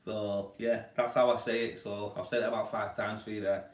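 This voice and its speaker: A man's voice: fairly low pitch, level tone, a little fast. A man hosting a casual live-stream Q&A about plastering, talking in a chatty, blokey way and calling viewers mate, at home indoors. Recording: roomy, distant from the mic.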